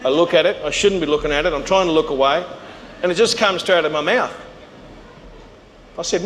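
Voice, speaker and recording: A middle-aged Australian man with a slightly high voice tells business stories on stage, bringing the people he quotes to life. His voice carries through a large hall with a long reverb. A faint hum sits behind it. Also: fairly quick, pauses often. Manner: animated, acts out quoted voices. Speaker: keynote speaker. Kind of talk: storytelling business talk.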